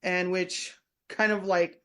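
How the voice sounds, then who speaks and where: A woman's voice: lowish voice, flat delivery, slow, sharp tone. A woman telling stories as a guest in a casual interview, meandering and often restarting her sentences. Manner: chatty, meandering, full of restarts. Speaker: guest, former prison staff member and tour guide. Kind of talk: casual storytelling in a podcast interview.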